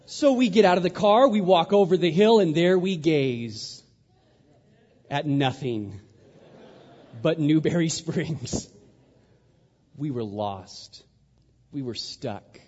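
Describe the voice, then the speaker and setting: A man giving a sermon, telling a story with lively acted-out voices. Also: a little high, slow, pauses often. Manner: animated storyteller, acts out voices. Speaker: pastor. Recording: dull sound in a reverberant hall.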